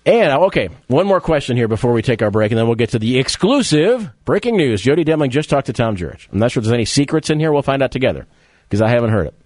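A man's voice: mid-range voice, very animated, fast, darkish tone, no echo. A man hosting a casual radio talk show, joking and quizzing his co-host.

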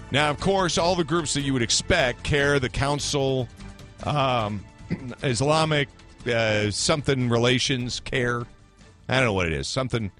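A man's voice: fairly high pitch, pushed and bright, no echo. A man hosting a talk radio show, giving blunt, opinionated commentary with sarcastic asides from a studio mic.

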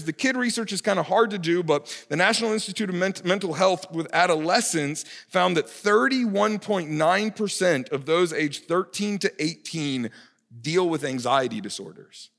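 A man's voice: high voice, gravelly, fairly bright tone. A young adult man, a family discipleship pastor, preaching a sermon in a conversational, self-deprecating way. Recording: long reverb of a large hall.

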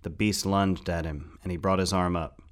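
A man reading a story aloud as the narrator, in steady, tense storytelling. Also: sits low, moderate pace. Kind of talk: scripted audiobook narration.

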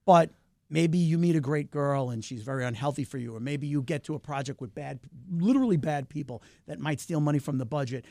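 A middle-aged man in a casual interview, chatting animatedly about his work. His voice sits a little high for a man and carries a gravelly edge. The sound is close and dry. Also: brisk, no room sound. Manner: animated, talkative, wide pitch swings. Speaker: filmmaker, guest.

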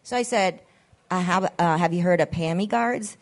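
A woman's voice: fairly low pitch, moderate pace. A woman hosting a podcast, telling a story in casual chat, acting out the quoted voices and swearing freely. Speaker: podcast host.

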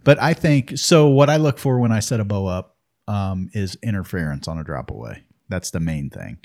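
A man's voice: low voice, expressive, normal speed, a little mellow. A man co-hosting a casual hunting chat, telling stories in a folksy, easygoing way. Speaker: podcast co-host.

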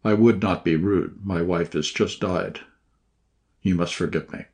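A man's voice: deep voice, steady tone, a little slow, darkish tone. Guy reading doing a bitter stiff army major, clipped and bossy, audiobook. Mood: grieving. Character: stern bitter middle-aged Italian army major.

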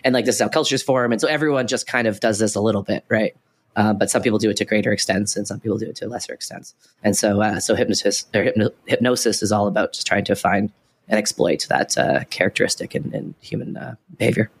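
Fast-talking low-voiced man rambling. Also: slightly rough. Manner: rambling, heavy use of "like" fillers and restarts. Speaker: podcast co-host. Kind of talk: casual conversational explaining.

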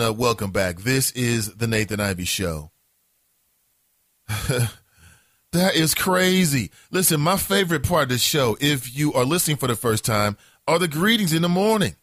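A man hosting a casual morning talk show, telling a story in an animated, profane way. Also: on the high side, no room sound, studio quality. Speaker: host.

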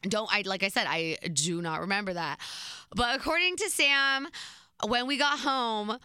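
A woman in her twenties casually telling a story, chatty and animated, laughing between beats. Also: fairly high pitch, moderate pace, smooth, dry recording.

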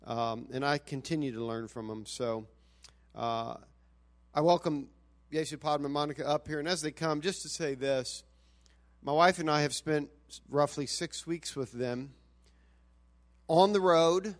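A man's voice: a little high, fairly even intonation, normal speed. A man, the church's pastor, earnestly introducing a guest speaker to the congregation, often restarting his sentences.

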